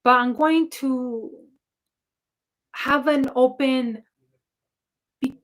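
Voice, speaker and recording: A woman's voice: high-pitched, steady tone, drawn-out words, fairly bright tone. A woman who works as a spiritual coach, talking casually and rambling with many fillers and restarts as she answers viewer questions. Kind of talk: casual talk to camera.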